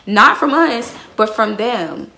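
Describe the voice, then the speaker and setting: A woman's voice: a little high, animated, slow pace, vocal fry, bright, forceful tone. A young woman telling a heated, profanity-laced story to her viewers, calling them y'all. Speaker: vlogger. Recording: roomy echo.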